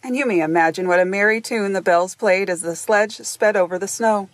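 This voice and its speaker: A woman reads a classic children's storybook aloud as its narrator. She tells the tale gently and often speaks straight to the listener. Her pitch is an ordinary middle, and the recording is close and very dry. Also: brisk, no room sound. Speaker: audiobook narrator.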